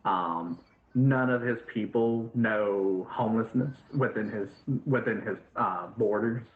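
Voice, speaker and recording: A man's voice: on the low side, unhurried. A man running a tabletop game as dungeon master, narrating casually with many fillers. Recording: echoey, phone-like sound.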